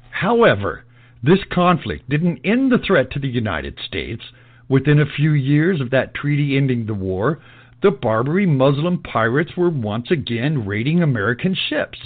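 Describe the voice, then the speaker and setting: A man's voice: fairly high pitch, sing-song, measured pace. A man giving an emphatic, lecturing commentary in a scripted style. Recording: tinny phone-like lo-fi audio.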